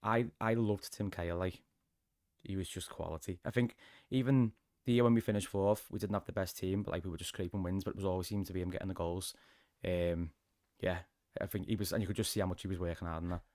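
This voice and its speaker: A man's voice: low voice, steady tone, fast talker, darkish tone, dry recording, studio quality. A man with a Liverpool Scouse accent, a podcast guest telling stories in casual chat, sweary and chatty. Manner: sweary, chatty storytelling with laughs.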